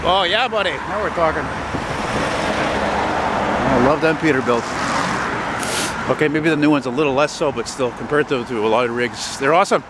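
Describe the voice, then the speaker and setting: A man's voice: on the high side, normal speed, long pauses. A middle-aged man casually rambling and swearing as he films a walk down a city street. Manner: chatty, swears freely, spots buses and trucks. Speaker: vlogger filming a street walk. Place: outdoors on a city street in winter. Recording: outdoor street noise. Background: traffic and street noise.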